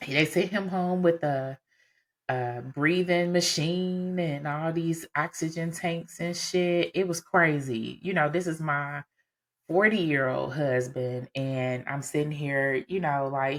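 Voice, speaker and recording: A woman with a low voice tells a personal story in a relaxed, conversational way. She talks casually and animatedly, filling gaps with "um" and "you know." It sounds like a podcast host speaking straight to her listeners. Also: slow.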